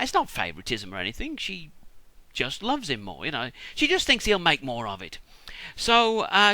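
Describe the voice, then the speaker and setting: A man's voice: medium pitch, pushed and bright, no room sound, rough recording. A British man retelling a Bible story as a comedy, irreverent, chatty and full of swearing.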